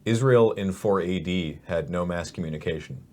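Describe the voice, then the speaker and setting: A man in a casual brainstorming chat, rambling and acting out quick silly lines for sketch ideas. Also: low voice, a little mellow. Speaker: comedy writer brainstorming sketches.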